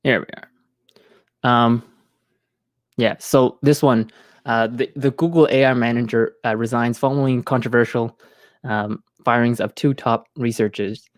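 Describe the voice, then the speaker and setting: A man's voice: medium pitch, fairly even intonation, measured pace, no echo. A man streaming from home, chatting casually into a close mic, rambling with many fillers and restarts. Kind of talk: casual live-stream chat.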